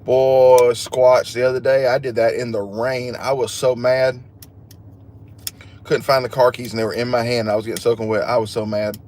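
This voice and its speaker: A man's voice: medium pitch, little pitch movement, fairly quick, hardly any pauses, a little mellow. A man hosting a casual livestream, chatting with viewers and joking at his own expense. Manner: chatty and joking, laughs at himself. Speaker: livestream host. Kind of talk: casual live chat, reading viewer comments.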